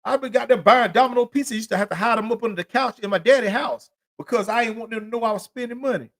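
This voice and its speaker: The voice is very high, fast, and a bit bright. It's a man hosting a podcast by himself, telling meandering, profanity-heavy street stories in loose slang and leaning on "you know what I'm saying."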